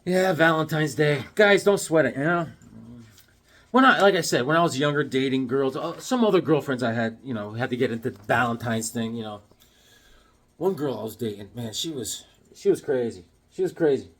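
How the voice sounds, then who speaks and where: A man from Connecticut casually chatting about his comic books, rambling along and telling deadpan tall tales with jokes between them. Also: medium pitch, normal speed. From Connecticut, USA. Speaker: comic book vlogger.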